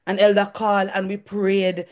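A young woman giving a fervent testimony sermon, her voice climbing into shouts as she tells her story. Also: mid-range voice, completely flat delivery, moderate pace. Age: young adult.

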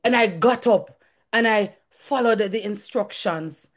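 A young woman giving a fervent testimony sermon, her voice climbing into shouts as she tells her story. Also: medium pitch, unhurried. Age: young adult.

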